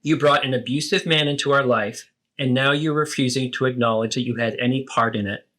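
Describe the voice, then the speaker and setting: A man voicing an adult child who calmly and firmly confronts their mother in a therapeutic role-play. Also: mid-range voice, a little fast, lightly acted. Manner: earnest, steady, firm about boundaries.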